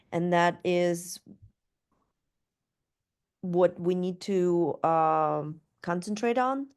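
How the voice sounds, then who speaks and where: A woman's voice: lowish voice, a little mellow, clear, resonant tone. A woman taking part in a workshop, thinking aloud with many fillers and hesitations as she sums up what she heard. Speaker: workshop participant. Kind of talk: hesitant question in a class.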